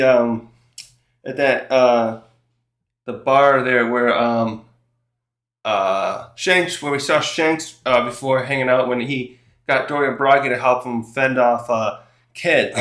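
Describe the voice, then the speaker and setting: A man's voice: mid-range voice, a bit bright. A man reviewing a comic chapter in casual chat, rambling with many fillers, self-corrections and frequent chuckles. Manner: laughs often while recapping. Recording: roomy echo.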